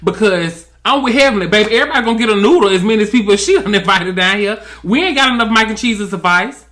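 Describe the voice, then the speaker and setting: A man's voice: high voice, fast, fairly bright tone. A man giving sassy, drawling comedic recap commentary on a reality TV episode. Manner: sassy, drawling, mimics cast members in quotes.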